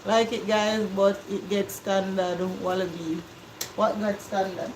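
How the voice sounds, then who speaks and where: A woman's voice: medium pitch, unhurried, roomy sound, a little hiss or hum, rough recording. A woman with a Jamaican accent co-hosting a cooking live stream, talking in patois and listing things off. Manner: lively talk in patois, lists things off. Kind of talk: casual live-stream chat.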